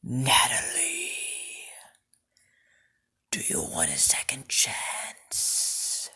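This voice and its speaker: A man's voice: mid-range voice, expressive, drawn-out words, heavily acted. A man whispering as an ancient scheming devil. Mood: tempting. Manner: hushed, breathy whisper. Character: ancient scheming male devil, sly dealmaker. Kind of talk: whispered role-play.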